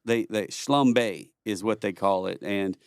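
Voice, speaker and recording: Laughing, rambling man, low voice. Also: slow, a little mellow, smooth, no room sound, studio quality. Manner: rambling, laughs a lot, profane. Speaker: podcast guest, former Marine. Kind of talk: casual storytelling chat.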